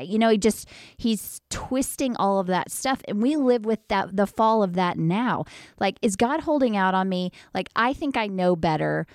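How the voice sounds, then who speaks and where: A woman's voice: medium pitch, lively intonation, moderate pace, hardly any pauses, a little mellow, no room sound, clean studio sound. A woman co-hosting a faith podcast, talking earnestly and eagerly with lots of fillers and restarts. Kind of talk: casual faith chat.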